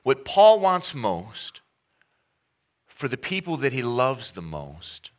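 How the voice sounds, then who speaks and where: A man preaching a sermon as pastor, talking conversationally with humor, slowing and stressing key words. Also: medium pitch, wildly swooping pitch. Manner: emphatic, with varied pace.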